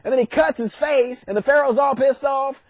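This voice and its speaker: High pitched dude ranting a crude comedy story, super dry recording. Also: male voice, gravelly, dry recording. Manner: crude, irreverent, profane retelling with quick voice switches. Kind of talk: comic storytelling monologue.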